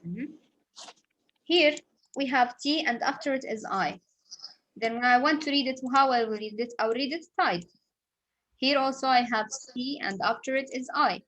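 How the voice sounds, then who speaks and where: A woman's voice: high voice, normal speed, long pauses, fairly bright tone, highs cut off. Patient woman teaching English sounds. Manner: patient, repetitive explaining with examples. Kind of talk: phonics lesson.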